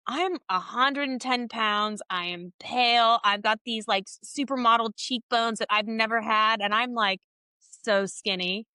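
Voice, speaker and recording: A woman with a bright, forceful voice pitched a little high tells her own story on a podcast, candid and animated, reenacting conversations as she goes. The sound is close and dry. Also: unhurried, clean tone, no room sound. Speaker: podcast guest. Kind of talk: casual personal storytelling.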